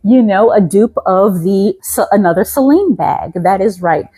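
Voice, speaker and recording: A woman in her fifties from Louisiana, raised in Colorado, chatting enthusiastically as a fashion vlogger with the crisp diction of a trained singer, often repeating her phrases. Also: medium pitch, lively intonation, unhurried, warm tone, poor audio. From Louisiana, raised in Colorado from seventeen. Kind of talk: casual outfit show-and-tell.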